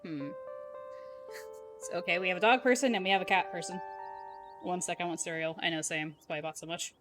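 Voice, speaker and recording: A woman's voice: lowish voice, a little fast, music in the background. A young woman streaming a game, chatting, laughing and reading the narration aloud. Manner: giggly, chatty, reacting aloud. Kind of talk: live game playthrough with read-aloud narration.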